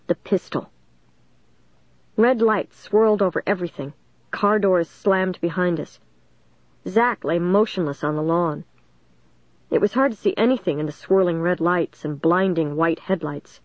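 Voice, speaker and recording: A woman reading a first-person story aloud in a steady, measured way. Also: on the low side, dry recording, dull audio. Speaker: audiobook narrator.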